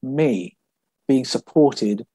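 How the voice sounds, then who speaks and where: A man in a podcast interview shares personal experiences in a calm, reflective way. His voice is relaxed and mellow, at an ordinary pitch. The sound is dry and close with no room to it. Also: very slow, husky, no room sound. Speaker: author guest.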